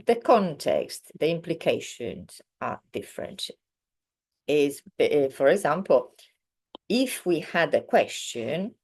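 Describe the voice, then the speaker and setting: A woman's voice: deep voice, a little mellow. A woman teaching a grammar lesson in English, hesitant and full of fillers and self-corrections. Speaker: Italian teacher. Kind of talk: slow explanatory grammar lesson.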